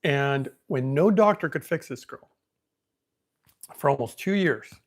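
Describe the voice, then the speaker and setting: A man hosting a podcast, telling a story in a casual, rambling way, thinking out loud and becoming emotional. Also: medium pitch, lively intonation, measured pace. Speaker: podcast host.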